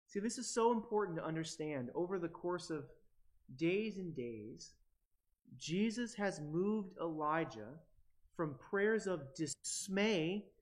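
Male pastor giving a sermon, slightly high voice, reflective delivery with long pauses. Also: lively intonation.

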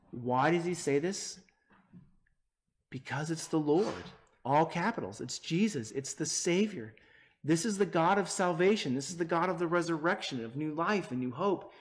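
A man's voice: a little high, expressive, a little slow. Earnest man preaching a sermon. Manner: earnest preaching, shifts between emphatic and hushed. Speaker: pastor.

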